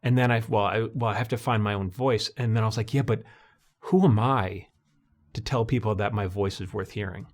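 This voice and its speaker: Animated storytelling man. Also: on the low side, a little fast. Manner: animated storyteller, acts out voices in quotes. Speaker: TV comedy writer, guest. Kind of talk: conversational interview.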